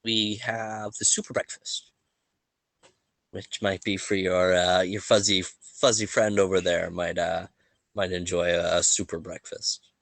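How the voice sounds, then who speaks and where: Man doing a nervous, polite tavern waitress, pushed up high, halting. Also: level tone, gravelly, a bit bright, no echo, heavily acted. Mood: helpful.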